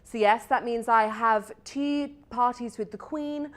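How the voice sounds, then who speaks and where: Young British woman, talk show host, self-mocking and chatty, slightly high voice. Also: unhurried. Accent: British English. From Britain. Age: young adult. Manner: chatty and self-mocking, many ums and little laughs. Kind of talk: casual chat show hosting.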